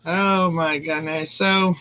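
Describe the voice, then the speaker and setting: A woman's voice: deep voice, fairly even intonation, slow pace, pushed and bright, poor audio. A woman rambling through a story in casual chat, laughing often as she goes, with a drink in hand.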